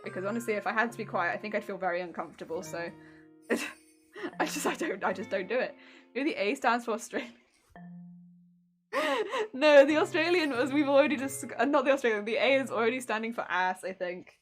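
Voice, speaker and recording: A woman with an English accent chatting casually on a crafting live stream, giggly, rambling and self-mocking. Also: fairly high pitch. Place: home craft room. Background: faint video game music.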